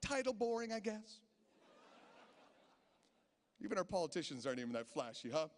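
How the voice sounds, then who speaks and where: Male comic, thirties, high voice, chatty storyteller, casino showroom with long reverb. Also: big pitch swings, moderate pace. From Canada. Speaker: stand-up comedian. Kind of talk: stand-up comedy set. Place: casino stage.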